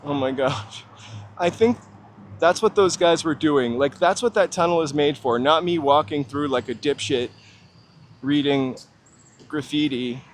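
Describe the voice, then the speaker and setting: A middle-aged man talks to his viewers while walking city streets, his voice sitting a little high for a man. He jokes and teases himself in a loose, chatty way, filmed on a handheld walking camera with faint traffic noise behind him. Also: measured pace. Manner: chatty, joking, self-deprecating asides to viewers. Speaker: live-stream walking host. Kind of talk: casual walking live-stream chat. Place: outdoors on downtown city streets and through tunnels. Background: city traffic ambience.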